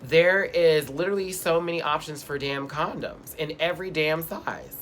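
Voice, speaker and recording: A man's voice: a little high, moderate pace, a bit bright, a little hiss or hum. A man co-hosting a casual chat show, playful and sassy, reading out viewer questions and joking along the way. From Houston. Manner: playful, sassy, drifts into put-on accents. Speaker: co-host.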